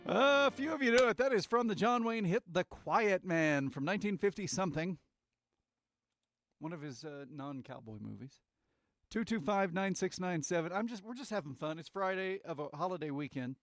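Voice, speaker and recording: Male radio host, joking casual chat, high animated voice, dry studio sound. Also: no room sound. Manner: jokey, quick quiz prompts. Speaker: radio morning show host.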